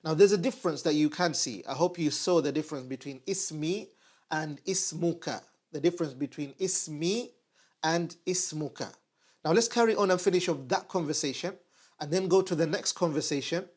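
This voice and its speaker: A man giving an online Arabic lesson at a whiteboard, patiently repeating phrases slowly for his learners. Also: fairly high pitch, a little mellow. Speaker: Arabic teacher.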